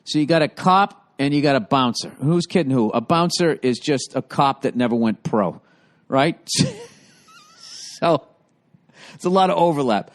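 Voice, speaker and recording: A man's voice: medium pitch, animated, normal speed, long pauses. A man hosting a podcast, telling stories in a casual comedic monologue, with profane, rambling delivery. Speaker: podcast host.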